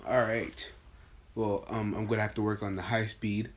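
A man's voice: fairly low pitch, little pitch movement, moderate pace. A man hosting a casual podcast chat, goofy and rambling, stumbling over his words. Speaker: podcast host.

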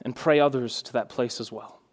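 A man's voice: mid-range voice, fairly even intonation, a little fast. A young adult man, a pastor, preaching a sermon in an earnest way that rises to fervent emphasis.

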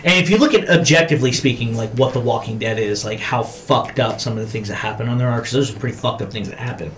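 A man co-hosting a podcast, talking casually about horror movies, swearing a lot and acting out scenes with sudden shouts. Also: medium pitch, quick pace, slight background noise. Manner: profane, animated storytelling with acted-out shouts. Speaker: podcast co-host.

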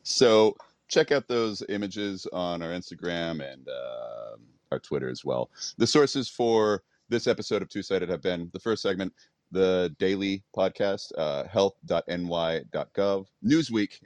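A man's voice: low-pitched, expressive, unhurried, darkish tone, no echo. A man co-hosting a podcast, casually reading out sources with easy fillers. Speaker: podcast co-host.

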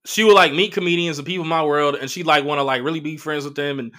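Brief: male comedian host, solo chat, a touch high, bright and punchy, swears freely. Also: fast talker. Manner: profane, animated storytelling with voiced quotes. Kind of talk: casual solo monologue.

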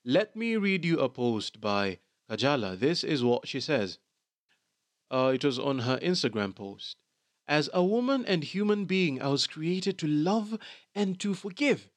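A chatty man runs a celebrity gossip vlog, mixing slang into his English. His voice sits a little high. The sound is dry and close, with no room around it. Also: no echo. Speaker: gossip commentator. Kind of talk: casual commentary vlog.

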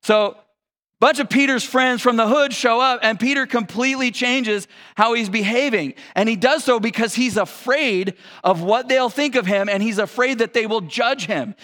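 High-voiced man preaching casually. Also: normal speed, a bit bright, long reverb tail. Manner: casual, conversational, slangy preaching. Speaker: pastor. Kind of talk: sermon.

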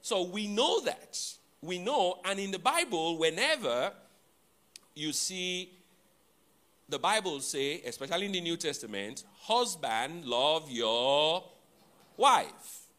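A man delivering a sermon in a bright, fairly high voice that swings widely in pitch. He takes his time, repeating and spelling out important words. He tosses playful asides to the congregation. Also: animated, unhurried. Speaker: pastor.

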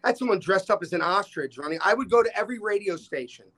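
Quick-paced and high-voiced, a podcast guest in his 60s spins stories in casual chat. He is an animated storyteller who acts out the quoted dialogue of the people involved.

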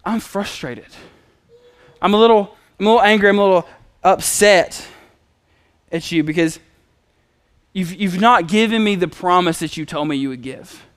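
A man voicing a frustrated aging patriarch who complains urgently and loudly to God. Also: sits high, lively intonation, takes it slowly, pauses often, no room sound.

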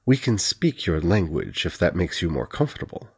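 A man voicing a posh, smirking, predatory male curate with a drawn-out polite tone. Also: low-pitched, sing-song, gravelly, darkish tone, slightly rough, exaggerated voice.

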